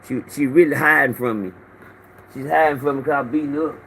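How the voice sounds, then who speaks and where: A man's voice: medium pitch, a little fast, vocal fry, fairly bright tone, slight background noise. A middle-aged man hosting a casual livestream, greeting viewers by name and telling loose, profane stories into his phone. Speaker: livestream host. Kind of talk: casual rambling livestream talk.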